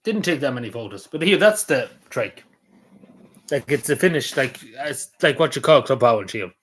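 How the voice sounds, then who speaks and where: A man's voice: medium pitch, expressive, moderate pace, a bit bright. An Irish man streaming a casual chat. He rambles loosely, with lots of ums, uhs and likes. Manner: meandering, full of ums and likes.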